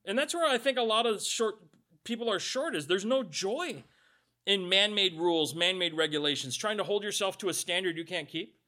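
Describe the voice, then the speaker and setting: A man's voice: sits high, expressive, moderate pace, sharp tone. A male pastor giving a conversational sermon, reading scripture aloud and adding joking asides.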